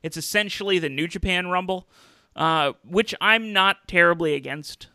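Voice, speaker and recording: A man's voice: high-pitched, moderate pace, sharp tone, clean tone, dry recording. A man hosting a casual wrestling podcast, chatty, with many fillers and restarts. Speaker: podcast host.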